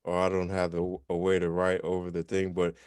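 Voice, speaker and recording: Relaxed low-voiced man teaching a class. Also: brisk, smooth, no room sound, studio quality. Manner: relaxed, self-correcting, chatty explanations. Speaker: language teacher. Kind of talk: informal online class.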